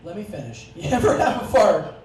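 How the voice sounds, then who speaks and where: A man's voice: sits high, a little fast, soft background music. A young man doing a profane, sarcastic stand-up comedy set on a club stage. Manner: profane, sarcastic, deadpan asides. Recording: distant, echoey club recording with audience noise.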